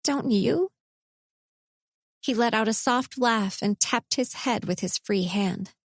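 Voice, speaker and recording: A woman narrating a first-person romance audiobook in a measured, intimate reading. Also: medium pitch, no echo, studio quality.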